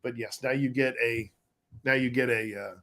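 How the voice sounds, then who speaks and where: A man's voice: mid-range voice, fairly even intonation, moderate pace, a bit bright. A man co-hosting a casual live stream, jumping in with jokes and playful promo talk. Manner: joking, interjecting, playful promo voice. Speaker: co-host.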